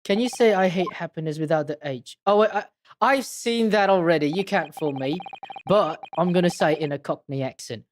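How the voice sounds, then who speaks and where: A woman's voice: on the low side, fairly quick, slight background noise. A woman streaming a game, chatting casually and giggling often. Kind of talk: casual game-playing chat.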